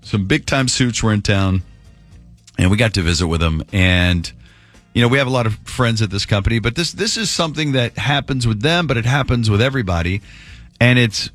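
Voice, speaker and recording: A man's voice: on the low side, lively intonation, brisk, a bit bright, faint music behind. Chatty male radio host. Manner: chatty, rambling, self-deprecating. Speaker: morning radio show host. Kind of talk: casual morning radio banter. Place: radio studio. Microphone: studio microphone.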